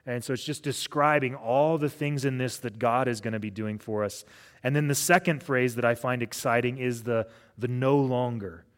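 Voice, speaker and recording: A man's voice: mid-range voice, normal speed. A middle-aged man, a pastor, preaching a conversational sermon and telling stories, often restarting his sentences. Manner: casual storytelling with frequent restarts.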